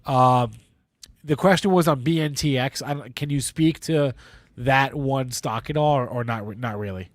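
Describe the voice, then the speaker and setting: A man's voice: mid-range voice, moderate pace, no echo. A man hosting a live market show, congested with a stuffy nose and rambling in a self-deprecating way. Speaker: livestream host.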